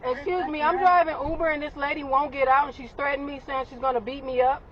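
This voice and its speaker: A woman's voice: sits high, fairly even intonation, fast, dull audio, crowd noise. A woman driving rideshare, exasperated, explaining a dispute from inside her car. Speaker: rideshare driver. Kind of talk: phone call and argument.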